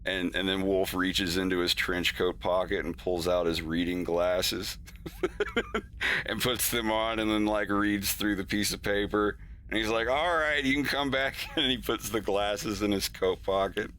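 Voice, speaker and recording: A man with a fairly low, bright and forceful voice chats loosely on a stream, rambling and laughing as he acts out bits of dialogue. A faint hiss of noise sits under his voice. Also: fairly even intonation, unhurried. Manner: rambling, laughs often, acts out characters' lines. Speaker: animator streaming his work. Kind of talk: casual stream chat.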